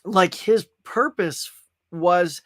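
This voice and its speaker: High-voiced man gushing over a film. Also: drawn-out words, fairly bright tone, dry recording, clean studio sound. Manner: gushing and emotional; rambling, restarts sentences. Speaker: pop culture podcast host. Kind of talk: casual movie review chat.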